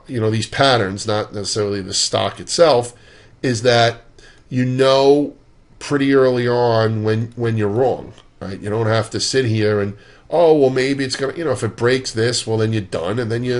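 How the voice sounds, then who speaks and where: A man's voice: mid-range voice, normal speed. A man giving a casual, conversational walkthrough of stock charts, loose in his phrasing and dropping dry, sarcastic asides. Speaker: stock market analyst.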